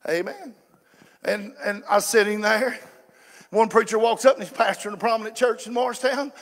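Folksy male preacher, sharp forceful tone, reverberant sanctuary. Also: high voice, a little fast. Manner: folksy preaching, swinging from quiet asides to shouted fervor. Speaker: pastor. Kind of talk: sermon. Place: church sanctuary. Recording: echoey church hall.

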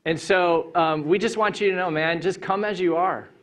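A man pastoring a church congregation speaks into a handheld mic, his voice sitting somewhat high for a man. He is relaxed and playful, swinging from loud, lifted lines to low, quiet ones. He is middle-aged and preaches in a sanctuary. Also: normal speed. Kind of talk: Easter sermon with a joke.

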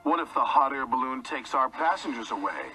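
A man's voice: mid-range voice, lively intonation, a little fast, recorded from a distance, over music, lightly acted, low-quality recording. A man voicing a jealous, grumbling male steam engine in a children's story, in a huffy, complaining manner.

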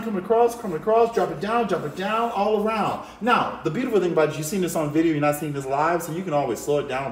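Energetic man coaching a drawing lesson. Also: a little high, distant mic. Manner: energetic, repetitive coaching chant. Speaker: art teacher. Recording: echoey room, voice off-mic.

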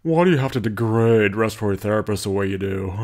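A man's voice: fairly low pitch, steady tone, a little fast, darkish tone. A man hosting his channel, making joking, sarcastic asides in casual vlog commentary. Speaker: channel host.

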